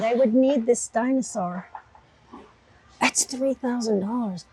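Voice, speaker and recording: A woman with a slightly high, mellow voice who talks slowly and unhurriedly. She chats enthusiastically to her viewers while browsing plants at an indoor garden center, in a relaxed vlog style. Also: rough recording. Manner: chatty and enthusiastic, addressing viewers as "guys". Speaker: gardening vlogger. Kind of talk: casual vlog narration while shopping.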